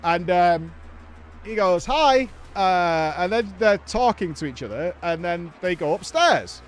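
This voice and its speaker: A man's voice: high voice, lively intonation, measured pace. A middle-aged man, a podcast host, animatedly telling a story in a casual chat, swearing and laughing as he goes.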